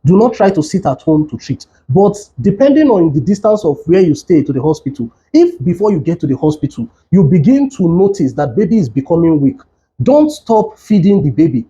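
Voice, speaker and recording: A man's voice: a little high, very animated, fairly quick, warm tone, dull audio. A man, a doctor earnestly teaching caregivers with urgent, repeated warnings. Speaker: doctor giving health education. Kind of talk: instructional talk with demonstration.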